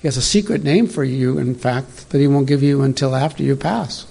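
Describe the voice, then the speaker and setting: A middle-aged man delivers a loose, conversational sermon to a room of churchgoers, drifting into tangents and chuckling at himself. His voice is husky and sits at an ordinary, middle pitch. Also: brisk, mellow. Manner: chatty, digressive, laughs at own asides. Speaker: preacher. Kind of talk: informal sermon.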